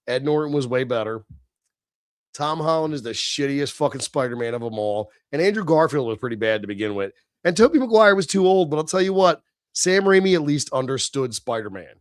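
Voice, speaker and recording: A man's voice: mid-range voice, expressive, moderate pace, no echo, clean studio sound. A middle-aged man hosting a livestream, venting in a heated, profane, sneering rant. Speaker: livestream host. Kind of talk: ranting livestream monologue.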